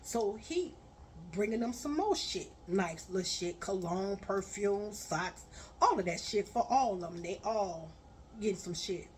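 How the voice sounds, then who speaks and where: A woman telling a story on a vlog, blunt and profane, building to loud, forceful rants. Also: medium pitch, expressive, unhurried, a little hiss or hum.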